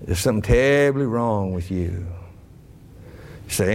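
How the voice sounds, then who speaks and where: A middle-aged man preaching a sermon, folksy and animated, breaking into shouted bursts. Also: mid-range voice, measured pace.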